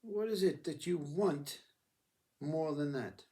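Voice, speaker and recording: A man's voice: fairly high pitch, slow, dark tone, far from the mic. A man giving a reflective spiritual talk who acts out inner voices as he speaks. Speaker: spiritual teacher.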